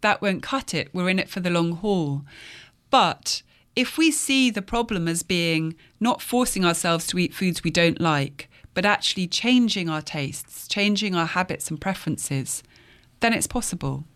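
A woman's voice: lowish voice, animated, a little slow, a bit bright. A woman author speaking earnestly in a recorded radio interview.

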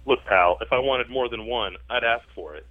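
A man's voice: mid-range voice, moderate pace, lightly acted. A man on a phone line voicing a smug Roman emperor ordering a drink, delivering the punchline dryly.

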